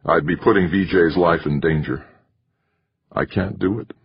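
A man voicing a stubborn, strained male expedition chief in an audiobook, speaking tensely with a raspy voice. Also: normal speed, dry recording, lo-fi sound, heavily acted. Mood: despairing. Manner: tense, pleading, low-key. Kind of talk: audiobook character voice.

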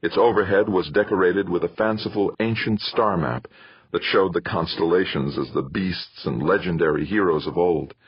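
A man narrating an audiobook in an even, descriptive storytelling manner. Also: low voice, normal speed, husky, no echo, highs cut off. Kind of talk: scripted narration.

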